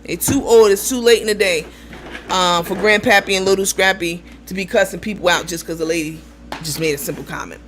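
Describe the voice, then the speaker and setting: A woman hosting a casual gossip commentary show, talking in a lively, profane way and acting out the voices of the people she quotes. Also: lowish voice, brisk, slight background noise. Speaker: host.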